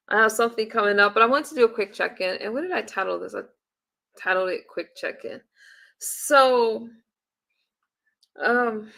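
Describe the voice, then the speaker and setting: During a casual live-stream check-in, a woman with a fairly high, creaky, sharp-toned voice chats emotionally with her audience. She greets viewers by name and often trails off and restarts.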